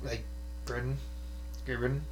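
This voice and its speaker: A man's voice: medium pitch, little pitch movement, normal speed. A young man co-hosting a podcast in a crude, joking, swear-heavy casual chat, with mains hum behind. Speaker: podcast co-host.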